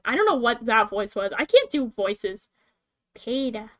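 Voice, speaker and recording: Giggly woman streamer, high voice. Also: sing-song, normal speed. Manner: giggly, rambling. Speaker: streamer host. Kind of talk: casual chat.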